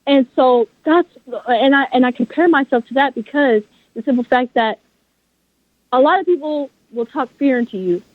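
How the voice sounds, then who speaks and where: Speaking by phone as an interview guest, this author has a high voice and keeps a moderate pace. She argues with passion, emphasis, and firm faith-based conviction, and the audio is dry with no echo.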